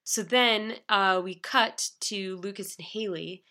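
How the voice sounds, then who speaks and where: A woman co-hosting a podcast, chatting casually and narrating TV scenes in an animated way, laughing often. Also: medium pitch, takes it slowly. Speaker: podcast co-host. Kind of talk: casual TV recap chat.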